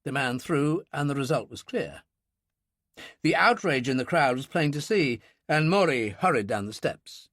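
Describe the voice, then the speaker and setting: A man narrating a thriller audiobook in a brisk, expressive storytelling manner. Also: medium pitch, no echo, clean studio sound.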